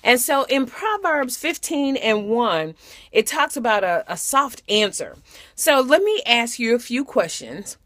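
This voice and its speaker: A woman with a fairly high voice gives a short devotional message in an easy, conversational way. She repeats key phrases for emphasis. The sound is dry and close, with no room echo. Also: big pitch swings, unhurried, a bit bright. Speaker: devotional speaker.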